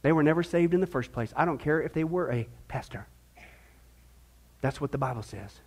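A man preaching a sermon fervently, dropping low for emphasis and rising into excited runs. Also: a little fast, husky. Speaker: pastor.

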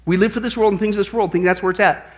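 A male pastor preaching an animated sermon, exclaiming and asking his listeners questions. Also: high voice, very fast.

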